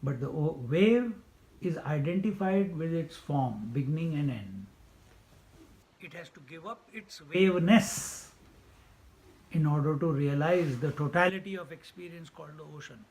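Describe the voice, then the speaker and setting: A man's voice: fairly high pitch, animated, measured pace, vocal fry, a little mellow, rough recording. A man giving a spiritual discourse as a teacher, repeating key phrases for emphasis. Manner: laughs often while telling stories.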